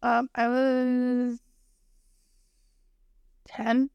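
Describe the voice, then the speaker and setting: A young woman co-hosting a podcast, speaking hesitantly in casual chat with frequent pauses and ums. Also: on the high side, completely flat delivery, vocal fry, clear, resonant tone, no room sound, muffled recording. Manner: hesitant, soft-spoken, many "um"s. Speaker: podcast co-host.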